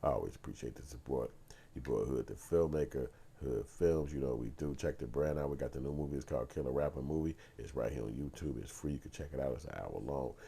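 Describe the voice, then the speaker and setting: A man's voice: extremely low pitch, quick pace, dark tone, slightly rough. A man telling a personal story on his vlog, casual and profane, acting out heated arguments in other voices. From Chicago. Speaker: vlogger and filmmaker.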